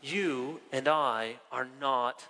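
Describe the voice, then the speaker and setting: A man preaching a sermon as pastor, animated with wry asides and slowing down for emphasis. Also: mid-range voice, long reverb tail, slight background noise.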